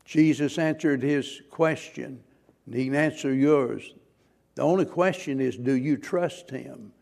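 A man's voice: medium pitch, unhurried, gravelly, a little mellow. A man preaching a sermon as pastor, earnest and questioning, pressing his listeners with rising, emphatic points.

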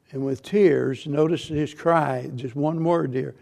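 Gravelly-voiced man preaching earnestly. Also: on the high side, fairly even intonation, slow pace, few pauses, a little mellow. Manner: earnest preaching with repeated phrases and restarts. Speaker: pastor. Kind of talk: sermon.

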